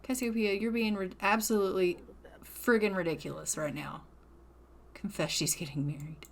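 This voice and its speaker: A woman's voice: medium pitch, fairly even intonation, normal speed. Exasperated woman scolding game characters. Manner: voices characters' thoughts in quotes. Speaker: gaming channel host. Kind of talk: casual let's-play commentary.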